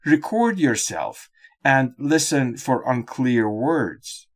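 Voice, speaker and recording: A man narrating a scripted lesson on exam speaking skills in a measured, instructional way. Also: mid-range voice, big pitch swings. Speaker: exam-prep teacher.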